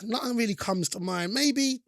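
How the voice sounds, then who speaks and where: A man, a football guest on a podcast, telling stories in an animated way and acting out what others said. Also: very high voice, normal speed, no room sound, clean studio sound. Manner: acts out quoted lines, laughs while telling stories. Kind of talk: animated storytelling chat. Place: podcast studio.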